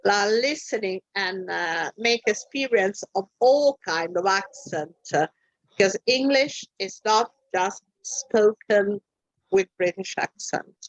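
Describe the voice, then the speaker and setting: Slow, halting woman teaching English. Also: medium pitch, animated, no echo, lo-fi sound. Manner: slow, halting speech with many fillers. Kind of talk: online English lesson.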